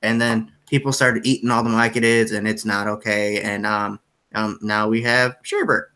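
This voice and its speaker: Brief: young male game master, bright voice, playful and rambling. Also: lowish voice, level tone, moderate pace. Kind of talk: narrating and voicing characters in a tabletop game.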